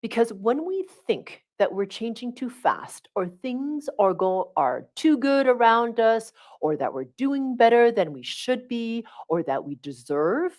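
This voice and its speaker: A woman's voice: on the high side, a little slow, few pauses. Chatty woman coaching a live audience. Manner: animated, checks in with listeners often. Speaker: spiritual coach hosting a livestream. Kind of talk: casual teaching talk.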